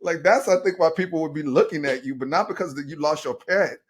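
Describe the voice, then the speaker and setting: A middle-aged life coach hosts a casual podcast, talking in an animated, slangy way and calling his listeners y'all. His voice is on the high side and slightly rough, and he speaks at a quick pace.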